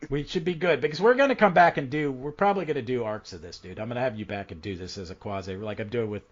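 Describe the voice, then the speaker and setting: A man's voice: medium pitch, fast talker. A man hosting a casual comic book podcast, recapping issues with lots of ums and restarts. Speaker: podcast host. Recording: dull lo-fi audio.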